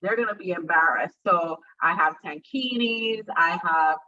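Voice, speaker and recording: A woman from Jamaica, a confidence coach and plus-size model, telling stories in a chatty, animated way during an interview. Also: fairly low pitch, measured pace. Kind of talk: casual interview chat. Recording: distant, muffled video call audio.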